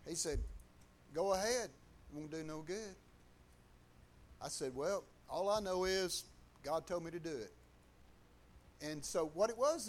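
A man with a Southern US accent tells a testimony story in a high, light voice. His talk is folksy and colloquial, and he briefly takes on other people's voices as he tells it.

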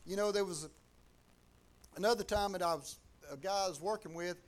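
A man's voice: high voice, brisk. A man with a Southern US accent telling a faith testimony in a folksy, colloquial way, acting out other people's lines. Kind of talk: testimony storytelling.

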